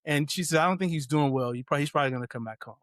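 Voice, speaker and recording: A middle-aged man, a guest author, telling family stories in an animated way, acting out quotes and laughing often. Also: on the high side, rapid-fire, dry recording, studio quality. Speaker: guest, author and parenting advocate. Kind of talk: casual interview storytelling.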